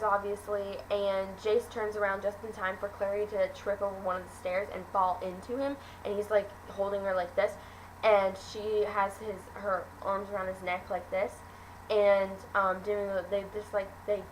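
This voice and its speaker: A teenage girl with a middle-pitched voice talks through a film review in a loose, gushing way, full of "um" and "like" and self-corrections. A faint hiss of background noise sits under her voice. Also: a bit bright, poor audio. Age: teens. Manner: gushing, rambling with many fillers and restarts. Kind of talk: casual chatty review.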